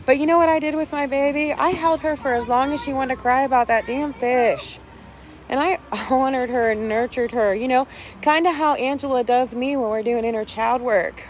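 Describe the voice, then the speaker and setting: Blunt, profane high-voiced woman. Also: moderate pace, a little hiss or hum. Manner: blunt, profane, preachy and emphatic. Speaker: vlogger. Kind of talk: casual spiritual vlog talk.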